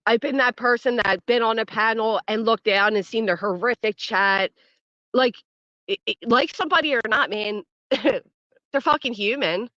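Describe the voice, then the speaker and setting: Early in the morning at home, a woman hosts a casual livestream, chatting with viewers and reacting to the chat bluntly and with foul language, laughing often. Her voice is fairly high and sharp at a moderate pace, and the audio is dull with no room sound.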